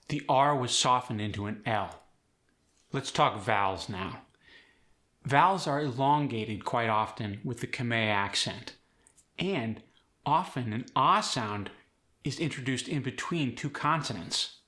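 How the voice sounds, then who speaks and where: A man teaching an accent tutorial in a clear, demonstrative and encouraging way. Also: mid-range voice, unhurried, pushed and bright. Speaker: accent coach.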